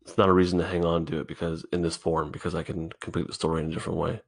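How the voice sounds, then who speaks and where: A man hosting a solo podcast, thinking out loud in a halting, rambling way, swearing often, recorded in an indoor room. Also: sits low, flat delivery, vocal fry. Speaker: podcast host.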